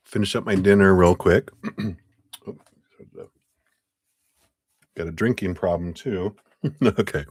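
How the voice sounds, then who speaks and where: A man's voice: low voice, breathy edge, no echo, studio quality. A man hosting a live tarot reading stream, chatting casually, often apologizing and laughing between readings.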